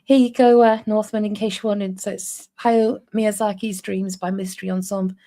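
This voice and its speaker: A North East English woman in her forties co-hosts a live stream, chatting casually with viewers and laughing often. Her voice sits at medium pitch with little pitch movement, and she talks at a normal speed with a warm tone.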